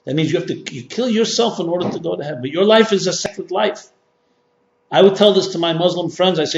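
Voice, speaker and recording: A man teaching as a rabbi, speaking with emphatic repetition and pushing his key points higher and louder. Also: brisk, creaky. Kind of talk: sermon-style workshop lecture. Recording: dull, echoey hall recording.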